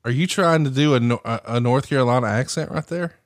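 A man's voice: mid-range voice, fast talker, no echo, clean studio sound. A man from the American South co-hosting a podcast, chatting casually and teasing his partner. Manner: teasing, joking. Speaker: podcast co-host. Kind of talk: casual chat.

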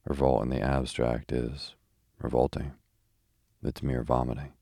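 A man reading the lines of a sharp-tongued young poet, arguing in crisp, pointed sentences. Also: very deep voice, level tone, a little slow, no echo, studio quality, full character voice.

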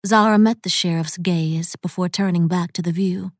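A woman narrating a fiction story with steady, dramatic storytelling, recorded on a close studio mic. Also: lowish voice, normal speed, no room sound. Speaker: audiobook narrator. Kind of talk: scripted narration.

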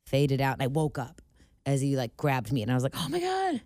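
A woman's voice: a bass voice, steady tone, brisk, mellow, no room sound, clean studio sound. A woman co-hosting a podcast in casual chat, rambling with many fillers. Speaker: podcast co-host.

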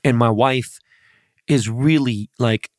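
A locally born man hosts a podcast in casual chat, brash and profane, acting out quoted voices as he tells stories. His voice is medium in pitch and slow, captured in a dry, studio-quality recording.

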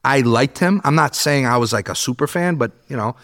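A man in his thirties, a podcast guest, telling a story in casual chat, animated and swearing, acting out what people said. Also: mid-range voice, a little fast. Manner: animated, swears, acts out quotes.

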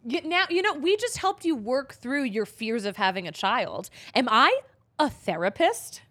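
A young woman co-hosting a sports talk podcast, her voice sitting a little high. She is bubbly and laughs easily as she chats. Even the sponsor read comes out upbeat. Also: a little slow. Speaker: podcast co-host. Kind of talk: casual chat with ad read.

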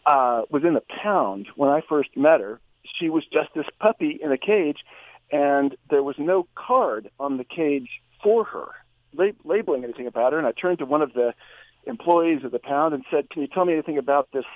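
A male psychotherapist, a guest on a show, tells a personal story with animated shifts in his voice. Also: a little high, normal speed, dry recording. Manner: animated storyteller, voice rises for quoted lines. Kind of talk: anecdotal storytelling. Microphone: phone. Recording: tinny phone line.

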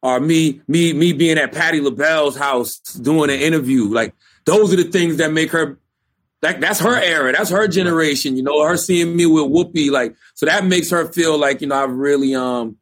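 A man from South Carolina, a radio host guesting on an interview, talking in a relaxed, chatty way. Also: on the high side, moderate pace. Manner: relaxed, chatty, many fillers like "you know". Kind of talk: candid interview conversation.

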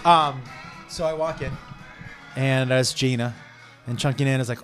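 A man telling a comedy story in a rambling way. He is animated and keeps jumping into digressions and impressions. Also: medium pitch, moderate pace, long pauses, soft background music.

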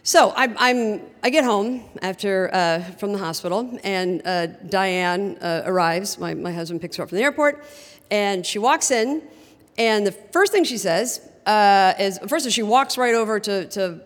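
A woman telling a personal story on stage in an animated, humorous way, often laughing as she talks. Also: mid-range voice, moderate pace. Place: theater stage before a live audience. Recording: long theater reverb.

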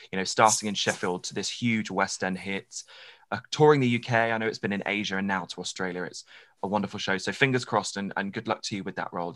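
Fast, bright-voiced male podcast host. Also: low-pitched. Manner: effusive, gushing with praise. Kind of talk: casual interview chat.

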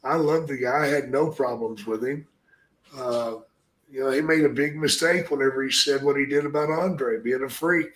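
An older man telling profane stories in casual chat, with a gruff manner and loud acted-out quotes. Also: medium pitch, moderate pace. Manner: gruff, swears constantly, acts out quotes loudly. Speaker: podcast guest, storyteller. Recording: echoey room.

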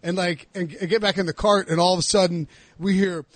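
A man hosting a podcast, telling a story in casual chat and acting out the shouted lines. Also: high-pitched, a little fast, dry recording. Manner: animated storyteller, acts out shouted quotes. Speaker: podcast host.

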